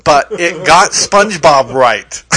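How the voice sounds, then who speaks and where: A man co-hosting a podcast in casual chat, eager and quick to laugh. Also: fairly high pitch, bright, forceful tone, breathy edge. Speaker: podcast co-host.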